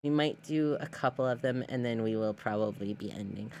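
A woman's voice: extremely low pitch, brisk, darkish tone, slight background noise. A young adult woman streamer in casual live-stream chat, reading her chat aloud and gushing over clips she shows.

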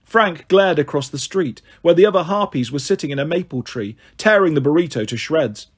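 A man narrating an audiobook in a steady reading voice, now and then stumbling on a word. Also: a little high, a little fast, husky. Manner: steady, occasionally stumbles on words.

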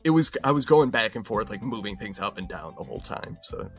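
A man co-hosting a podcast, talking casually and haltingly with many fillers. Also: fairly low pitch, expressive, soft background music. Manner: hesitant, many fillers and restarts. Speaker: podcast co-host.

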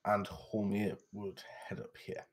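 A man's voice: on the low side, monotone, slow pace, breathy edge. A man playing a tabletop game, casually explaining his moves with some uncertainty. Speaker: player.

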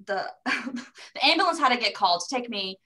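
A woman on a panel telling a funny personal anecdote in a lively, self-mocking way. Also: fairly high pitch, moderate pace. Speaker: panel speaker.

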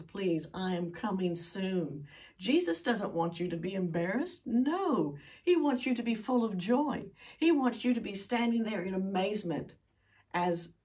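A woman's voice: on the low side, darkish tone, recorded from a distance. Older woman preaching earnestly from off-mic. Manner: earnest, pleading, with emphatic sighs of "oh". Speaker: Bible teacher. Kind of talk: sermon.

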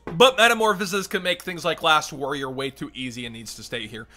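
Bright-voiced man giving blunt verdicts. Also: a little high, soft background music. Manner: quick blunt verdicts, dismissive. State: losing his voice. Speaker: card game channel host. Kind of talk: casual commentary.

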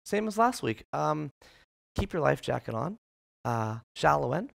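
A man quoting a matter-of-fact woman swim teacher, in a brisk, instructing way. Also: a little high, big pitch swings, creaky, pitched below the performer's own voice, heavily acted.

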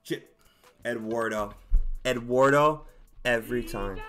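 A man commentating his own baseball video game, excitable and exasperated, shouting at his players. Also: a little high, moderate pace, soft background music. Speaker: gaming YouTuber. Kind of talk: live gameplay commentary.

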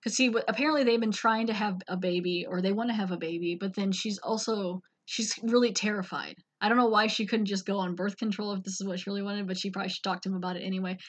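A woman's voice: medium pitch, fairly even intonation, quick pace, hardly any pauses. A woman hosting a podcast, chattily recapping an episode and acting out the characters' lines. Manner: chatty, acts out quotes. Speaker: podcast host.

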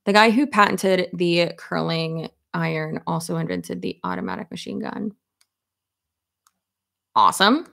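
A woman's voice: fairly low pitch, lively intonation, unhurried, gravelly, pauses often, a bit bright. A woman in her thirties chatting casually at her desk while doing her hair, rambling and laughing often. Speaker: YouTuber. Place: home office at her desk.

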